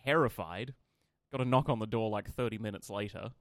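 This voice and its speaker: Aussie radio co-host, fairly low voice, dry studio sound, animated storyteller. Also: male voice, brisk, dry recording. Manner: animated anecdote teller, acts out quotes. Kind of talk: casual storytelling chat.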